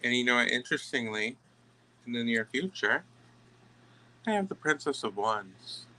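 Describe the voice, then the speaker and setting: A man giving a tarot reading to camera, emphatic and halting, often stopping to restart his sentences. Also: medium pitch, animated, pushed and bright, poor audio. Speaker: tarot reader.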